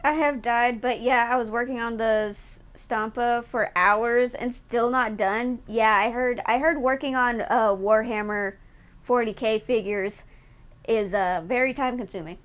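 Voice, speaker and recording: Playful, giggly woman streamer with a higher voice. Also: steady tone, a little slow, a bit bright. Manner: playful and giggly, swears freely. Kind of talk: casual live-stream chat.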